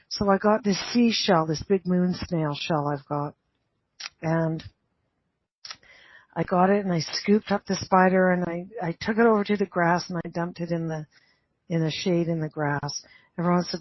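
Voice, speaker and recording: A woman's voice: fairly low pitch, steady tone, normal speed, dry recording. A woman co-hosting a radio talk show, telling a story in casual chat and often exclaiming. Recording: muffled dry radio studio sound.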